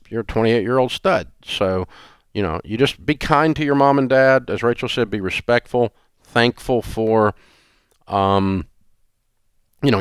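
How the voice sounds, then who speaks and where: A man's voice: on the low side, smooth, no echo, studio quality. A man in his sixties hosting a call-in advice show, talking in a blunt, folksy and sarcastic way and acting out quoted voices. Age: 60s. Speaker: radio show host.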